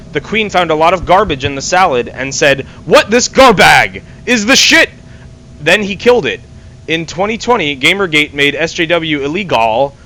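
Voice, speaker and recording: A man's voice: fairly high pitch, fairly bright tone, a little hiss or hum. A man reading a nonsensical fan story aloud in mock earnest and laughing at it now and then. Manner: reads absurd text in mock earnest, breaking into laughter. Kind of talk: amused dramatic reading.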